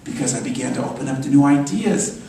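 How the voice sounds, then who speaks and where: A man preaching from the pulpit of a church sanctuary, emphatic and animated, driving his points home by repeating them. His voice sits at a middle pitch and is picked up from a distance, so it sounds remote. The sound rings with heavy room echo, and a faint hum of ambience runs underneath. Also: fast talker. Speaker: minister. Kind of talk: sermon. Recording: echoey church hall from far off.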